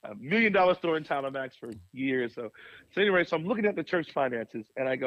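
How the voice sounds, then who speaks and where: A young adult man, a pastor, telling a personal story in a podcast interview with a lively, animated delivery and frequent laughs. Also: quick pace, no echo, lo-fi sound. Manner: animated storyteller, swings pitch high for quoted voices, laughs often.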